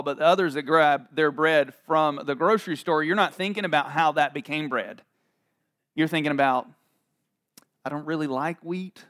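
A man preaches a sermon as pastor. His voice sits a little high, and he keeps it lively and joking, slipping into acted asides between the teaching.

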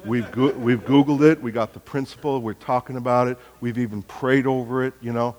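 A man's voice: medium pitch, fairly even intonation, brisk, a little mellow, big-room sound. A middle-aged man preaching a sermon, telling family stories with acted-out dialogue and building to emphatic points. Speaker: pastor.

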